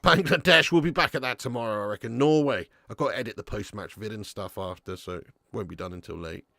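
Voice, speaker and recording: A young man with a fast, gravelly voice hosts a live football watch-along, reading out chat and commentating casually. He shouts and curses at players before returning to low mutters, on clean studio sound without echo.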